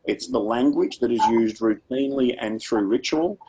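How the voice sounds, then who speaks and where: A man's voice: mid-range voice, normal speed, warm tone, a little hiss or hum, rough recording. A man with an Australian accent leading a workshop for teachers, speaking in a conversational, practical way and using personal stories. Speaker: education speaker.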